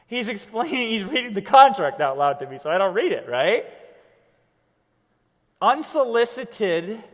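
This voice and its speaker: A man teaching an online business lesson in a lively, conversational way, checking in with "right?" over and over. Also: high voice, big-room sound. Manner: animated, conversational, keeps asking "right?". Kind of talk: coaching lesson.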